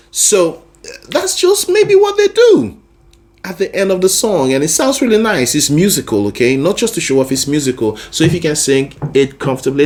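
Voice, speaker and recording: A man teaching a singing lesson, explaining voice registers and often checking in with the listener. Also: medium pitch. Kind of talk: explaining with sung demonstrations.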